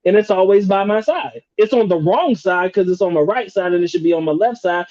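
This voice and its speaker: This North Carolina man runs a live Q&A chat stream in a loose, slangy, profane style, frequently breaking into laughter. His high, slightly mellow voice moves a little fast, in lo-fi audio with no room sound.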